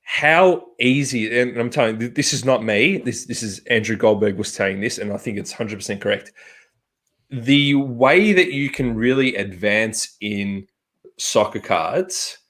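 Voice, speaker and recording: A man's voice: on the low side, moderate pace, a bit bright. Emphatic man on a podcast. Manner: emphatic, repeats himself for stress. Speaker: podcast co-host. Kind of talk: casual podcast chat.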